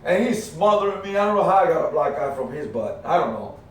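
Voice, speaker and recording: A middle-aged man giving an energetic, emphatic motivational talk to his team, telling stories with punchy repetitions. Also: on the high side, fast talker. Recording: very echoey room, far from the mic, faint noise.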